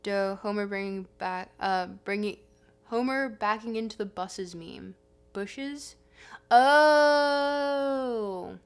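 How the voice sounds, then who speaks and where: A young woman hosts a casual livestream, chatting in a rambling way and correcting herself, her medium-pitched voice smooth and steady at a measured pace. Soft guitar music plays behind her.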